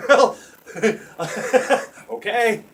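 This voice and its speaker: A young man with a high, bright voice tells a rambling comic story, breaking into laughter again and again. He swears freely and acts out the loud screams. He sounds a little far from the mic, with faint noise behind him. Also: expressive, drawn-out words, gravelly. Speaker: storyteller guest. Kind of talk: casual comedic storytelling.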